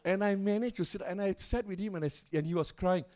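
High-voiced pastor preaching dramatically. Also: male voice, fast talker. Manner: dramatic storytelling with rising and falling loudness and pace; calls out to the congregation for response. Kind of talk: sermon storytelling. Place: church service.

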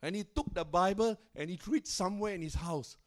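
High-voiced pastor preaching dramatically. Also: male voice, brisk. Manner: dramatic storytelling with rising and falling loudness and pace; calls out to the congregation for response. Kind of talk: sermon storytelling. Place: church service.

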